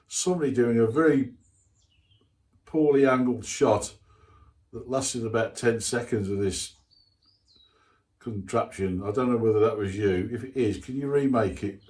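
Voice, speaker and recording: Older guy on his hobby channel going through viewer comments, slow and rambly, pokes fun at himself. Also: mid-range voice, a little mellow. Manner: rambling and self-mocking, with asides. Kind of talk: casual chat reading out viewer comments.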